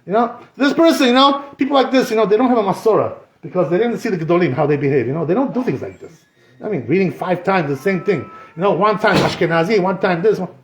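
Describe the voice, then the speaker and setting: A man teaching a Torah class as a rabbi, animated and joking, with many rhetorical questions. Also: high voice, fast. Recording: echoey room, slightly dull.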